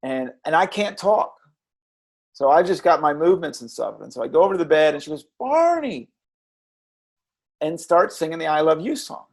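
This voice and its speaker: Earnest gravelly man telling stories. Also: on the high side. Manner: earnest, halting with repeated restarts. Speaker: interview guest, former children's character performer. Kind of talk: reflective storytelling.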